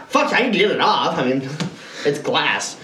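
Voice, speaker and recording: A young man co-hosting a casual podcast, telling gaming stories in an excitable, profane way with sudden shouted outbursts. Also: a little high, a little slow, reverberant, slight background noise. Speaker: podcast co-host. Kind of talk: casual chat.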